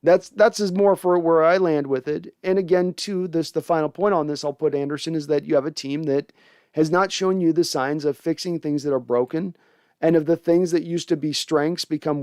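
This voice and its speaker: A man's voice: a little high, darkish tone, no echo, clean studio sound. A young man hosting a casual sports fan show, reading viewer comments and giving opinionated takes with frequent restarts.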